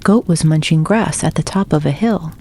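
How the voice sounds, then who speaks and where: A woman reading a children's storybook aloud for bedtime, soft and gentle. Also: low voice, normal speed, slight background noise. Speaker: narrator.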